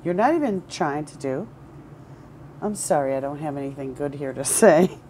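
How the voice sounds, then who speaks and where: A woman's voice: low voice, lively intonation, normal speed, dark tone, slight background noise. A woman recording a candid personal vlog at home, rambling, repeating words and swearing. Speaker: vlogger. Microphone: headphones with camera.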